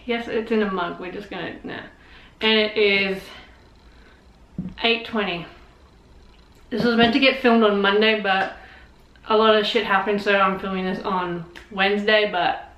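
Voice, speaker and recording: A young woman hosting a reaction video, talking back at the screen with lots of swearing and excited outbursts. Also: medium pitch, moderate pace, long pauses, highs cut off. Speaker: reaction channel host. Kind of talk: casual reaction commentary. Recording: roomy echo, TV sound under. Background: show audio playing from the TV.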